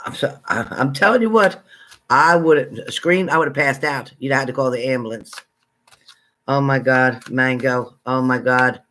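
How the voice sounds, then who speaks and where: A man hosting a casual livestream, chatting with viewers and greeting them by name, excitable and exclamatory. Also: medium pitch, moderate pace. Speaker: livestream psychic reader. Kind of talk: casual live chat with viewers.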